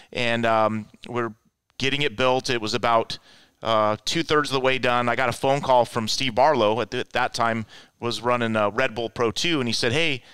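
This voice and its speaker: A man tells stories in a casual, animated way, jumping into the voices of the people he quotes. His voice is bright and clear. The recording is dry, with little room sound. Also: medium pitch, dry recording. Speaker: guest, offroad racer. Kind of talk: casual storytelling.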